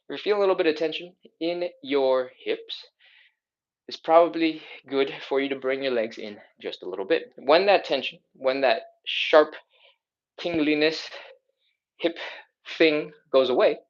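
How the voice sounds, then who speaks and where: Man, stretching coach, upbeat, chatty, live stream, slightly dull sound. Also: on the high side. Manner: upbeat, chatty, playful exclamations. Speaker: stretching instructor. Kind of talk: live follow-along workout instruction.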